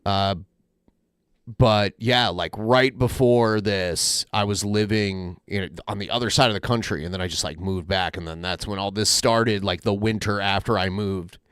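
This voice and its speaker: Smooth-voiced man rambling on a podcast. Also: fairly low pitch, a bit bright, no room sound, studio quality. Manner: rambling, halting, with many restarts. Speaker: podcast host. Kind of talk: casual chat.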